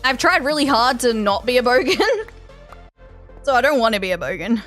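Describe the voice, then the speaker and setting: An Australian woman streams a game and chats loosely with her audience, her voice sitting a little high. She rambles, doubles back and fills the gaps with "um" and "like," with faint music playing behind her. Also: expressive, moderate pace, a bit bright. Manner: chatty, rambling, many fillers and restarts. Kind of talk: casual chat with live viewers.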